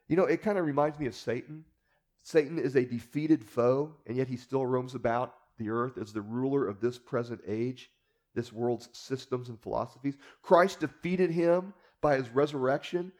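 A man's voice: medium pitch, moderate pace, darkish tone. A man preacher teaching a Bible story in a casual storytelling way, with rhetorical asides to the listeners.

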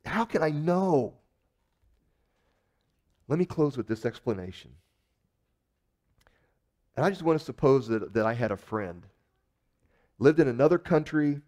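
With a mid-range voice, a male pastor delivers his sermon like an animated chat, voicing and acting out the people who appear in his stories.

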